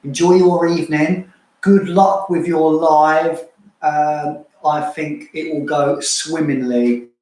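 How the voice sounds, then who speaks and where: A man's voice: on the high side, steady tone, takes it slowly. A man co-hosting a casual livestream chat, joking and thanking viewers by name. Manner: chatty, jokey, thanks viewers warmly by name. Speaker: co-host of a fragrance channel livestream. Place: room at home. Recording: very echoey room.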